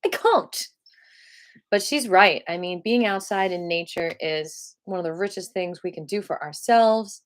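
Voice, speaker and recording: A woman leads a live qigong class from her home, and her voice sits slightly low. She guides her listeners slowly and soothingly, pausing to reflect as she speaks. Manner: slow, soothing, reflective guidance. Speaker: qigong teacher.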